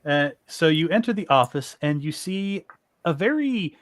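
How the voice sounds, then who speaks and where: Lively game master man. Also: fairly high pitch, no echo. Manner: halting, with many fillers. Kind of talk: narrating a tabletop game.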